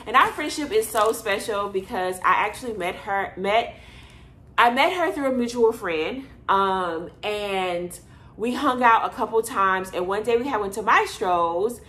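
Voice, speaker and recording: Speaking to camera indoors in her bedroom apartment, this Houston, Texas vlogger tells chatty stories with lots of filler words. She has a somewhat high, fairly bright voice, heard with reverberation.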